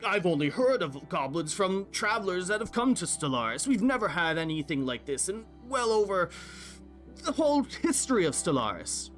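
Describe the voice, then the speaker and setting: A man's voice: sits high, sing-song, normal speed, a bit bright, soft background music, voice pushed up. A man voicing a large half-orc innkeeper who rants in alarm. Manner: ranting.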